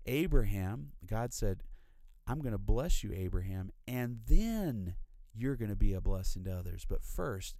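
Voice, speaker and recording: A middle-aged male preacher with a low, gravelly voice and a dark, mellow tone. He delivers an earnest sermon, leaning on emphatic repetition. The sound is dry and close. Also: no room sound.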